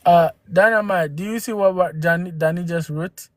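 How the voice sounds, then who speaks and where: A man's voice: high voice, moderate pace, no room sound. A man from Ghana, hosting a live stream and arguing with viewers through rhetorical questions and exclamations into a phone. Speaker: livestream host.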